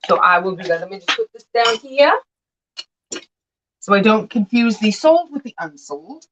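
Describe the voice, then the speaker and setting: A woman's voice: medium pitch, expressive, normal speed, fairly bright tone, lo-fi sound, a little hiss or hum. A woman selling vintage glass on a live sale, chatting and telling stories with playful voiced quotes.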